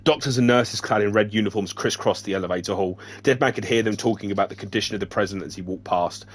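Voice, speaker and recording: A man's voice: on the low side, quick pace. A man reading a novel aloud on a stream, stumbling over words and breaking off for joking asides. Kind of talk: casual read-aloud with asides.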